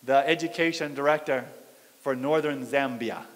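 A man voicing a kindly male education director who speaks calmly and reassuringly. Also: mid-range voice, moderate pace, voice pushed down, close to an everyday voice. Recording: echoey church hall.

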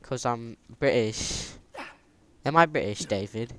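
A man's voice: mid-range voice, slow pace. A man giving casual, joking commentary over gameplay and bantering with a friend. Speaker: gaming video creator.

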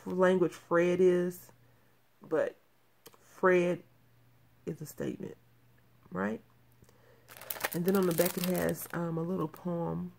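Gushing woman with a gravelly low voice. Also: a little mellow, a little hiss or hum. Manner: gushing, repeats her praise. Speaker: crafting channel host. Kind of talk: casual mail-call show-and-tell.

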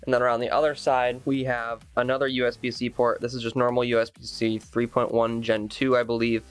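A man's voice: medium pitch, flat delivery, a little fast, smooth, faint music behind. A young man chatting casually as he unboxes and sets up a laptop, thinking aloud with plenty of fillers. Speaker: tech vlogger.

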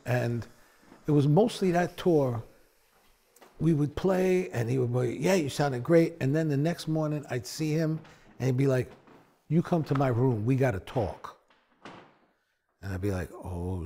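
A man, a bassist, telling stories in a sit-down conversation, acting out quotes with big swings in his voice. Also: a little slow, gravelly, a little hiss or hum. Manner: animated storyteller, acts out quotes with big pitch swings.

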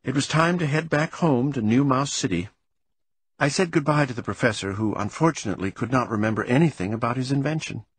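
A man giving an expressive, animated first-person reading of a children's storybook. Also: medium pitch, brisk, husky, dry recording. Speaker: audiobook narrator.

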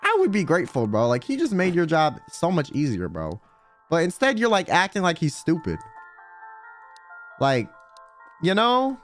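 A man's voice: on the high side, wildly swooping pitch, moderate pace, long pauses, soft background music. A man streaming a game, chatting casually and animatedly with frequent swearing and laughter.

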